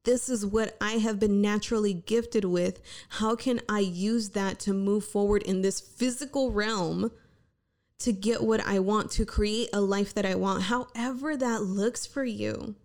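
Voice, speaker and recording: This podcast host, in her 30s, talks at a measured pace in a slightly mellow, mid-range voice with fairly even intonation. Her casual solo chat is candid and chatty, full of swearing and self-mockery, framed as a pep talk on a podcast mic.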